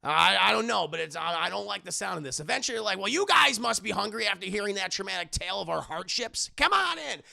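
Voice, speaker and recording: A man's voice: high voice, expressive, fast, vocal fry, hardly any pauses, pushed and bright. A man casually recapping a movie on a livestream, rambling and profane, often talking to his chat and acting out characters' lines. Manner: acts out characters' lines as he retells scenes.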